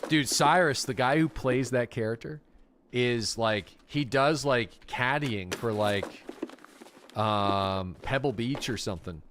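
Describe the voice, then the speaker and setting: Brief: male game streamer from the Maritimes, mid-pitched, rambling, casual, profane. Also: takes it slowly, background noise. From Canadian Maritimes. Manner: rambling, laid-back, swears freely. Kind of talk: casual chat while gaming.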